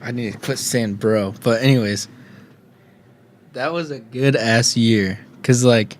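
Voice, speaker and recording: A man's voice: medium pitch, unhurried. A young man co-hosting a casual podcast, rambling and joking with lots of slang. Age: young adult. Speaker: podcast co-host. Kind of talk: casual chat.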